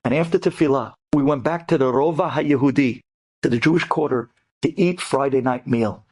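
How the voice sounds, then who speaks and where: A man, a rabbi telling an inspirational story, animated and swinging between hushed and soaring tones, with Hebrew terms mixed in. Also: medium pitch, moderate pace. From United States. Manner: sprinkles Hebrew terms into speech.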